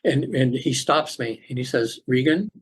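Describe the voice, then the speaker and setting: A middle-aged man, a podcast guest, telling a personal story in an earnest, halting way with many restarts, over a remote call. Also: medium pitch, fairly even intonation, slightly rough. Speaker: podcast guest, afterlife facilitator.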